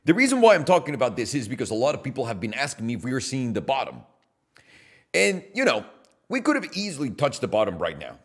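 A man hosting a podcast, giving an animated, casual opinion monologue with swearing and jokey asides. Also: mid-range voice, quick pace, husky. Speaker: podcast host.

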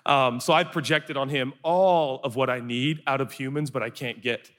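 A man's voice: medium pitch, normal speed. A man preaching a sermon to a live audience, telling comic stories and acting out voices. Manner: animated, acts out voices for comic anecdotes. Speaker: pastor. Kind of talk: sermon storytelling. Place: large hall with audience. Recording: long hall reverb.

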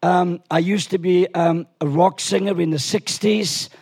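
A man's voice: high-pitched, fairly even intonation, measured pace, a little mellow. A man in his sixties preaching to a congregation, chatty and joking as he tells a story, with frequent restarts. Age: 60s. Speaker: guest preacher. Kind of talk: sermon with storytelling. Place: church service in a tent.

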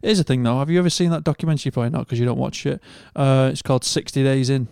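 A man's voice: medium pitch, racing, gravelly, clean tone, no room sound, studio quality. A man with a Northern English accent, a podcast co-host telling a long story in casual, sweary chat and acting out the people in it. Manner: sweary, animated storytelling with quoted voices.

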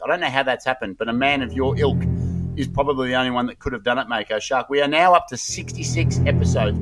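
An Australian man hosting a podcast, hyping up a segment in a rambling, playful way. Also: medium pitch. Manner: hyped, rambling build-up talk. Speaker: podcast host. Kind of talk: casual podcast banter.

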